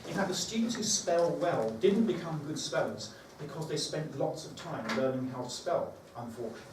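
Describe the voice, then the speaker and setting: Man, fairly high voice, relaxed teacher-training talk, distant mic, echoey room with noise behind. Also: fairly quick. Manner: conversational, thinking aloud with fillers.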